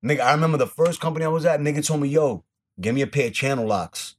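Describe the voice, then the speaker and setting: A young man hosting a casual podcast, telling loud, profane, laughing stories. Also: fairly high pitch, fast talker. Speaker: podcast host. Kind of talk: casual chat, storytelling.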